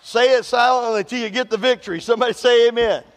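A man's voice: extremely high pitch, steady tone, fast talker, in a large hall. A man preaching a sermon as pastor, mixing humorous stories with call-and-response lines to the congregation.

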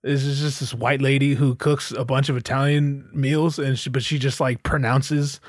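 A man's voice: medium pitch, flat delivery, moderate pace, no echo, studio quality. A man hosting a podcast, delivering a sarcastic, profane comedic rant. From United States. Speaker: podcast host.

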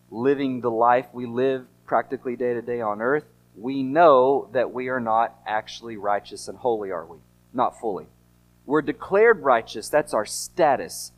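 A man preaching a sermon as pastor, earnest and emphatic, often asking rhetorical questions. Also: medium pitch.

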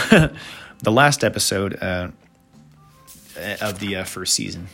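A man's voice: on the low side, a bit bright. A man hosting a casual monologue, rambling with many fillers and side remarks. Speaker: host.

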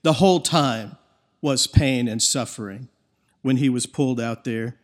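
A man's voice: medium pitch, measured pace. A man preaching a sermon in an earnest, emphatic way, his voice rising in bursts of intensity. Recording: long reverb of a large hall.

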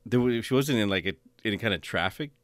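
A man's voice: fairly low pitch, animated, fast, no room sound. A man hosting a casual chat, rambling with restarts and frequent fillers. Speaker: podcast host.

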